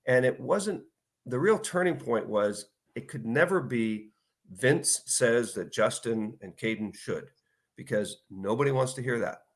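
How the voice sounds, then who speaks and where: A man in his fifties, an author guest in a casual interview, telling stories and acting out quotes in lively bursts. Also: mid-range voice, unhurried. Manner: animated storyteller, acts out quotes.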